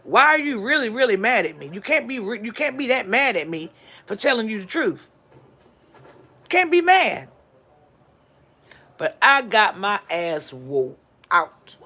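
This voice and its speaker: Lady on a live stream spinning a story, bright tense voice, keeps restarting and acting out who said what. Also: mid-range voice. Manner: animated storyteller who acts out dialogue; rambling, frequent restarts and asides. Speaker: livestream host.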